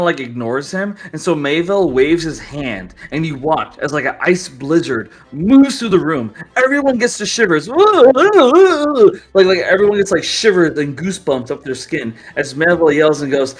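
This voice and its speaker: A man's voice: a little high, big pitch swings, moderate pace. Rambling man running a tabletop game. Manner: rambling, filler-heavy. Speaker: game master.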